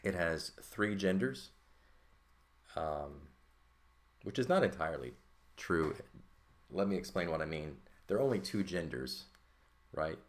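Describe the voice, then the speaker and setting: A man's voice: low voice, expressive, a little slow, long pauses. A man teaching a Greek grammar lesson, explaining terms casually and often checking in with "right?" as he goes. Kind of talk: casual textbook lesson walkthrough.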